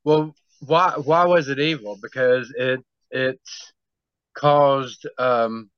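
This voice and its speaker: A man in a study group asking slow, probing questions about a passage. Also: mid-range voice, clean tone, no room sound. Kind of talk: discussion questions. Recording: dull, lo-fi dry recording, speaking from a distance.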